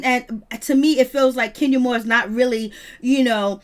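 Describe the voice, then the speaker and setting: A woman hosting a live review of a reality show, talking in an animated, gossipy and sassy way. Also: high voice, moderate pace, hardly any pauses. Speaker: reality TV recap host.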